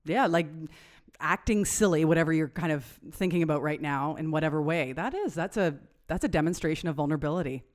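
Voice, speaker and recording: A woman co-hosting a casual podcast, walking through research points and affirming her partner with quick yeps. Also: sits low. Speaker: podcast co-host.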